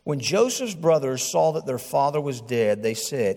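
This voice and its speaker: A male pastor preaching a sermon, animated and acting out the voices he quotes. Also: medium pitch, normal speed, creaky, few pauses, long reverb tail.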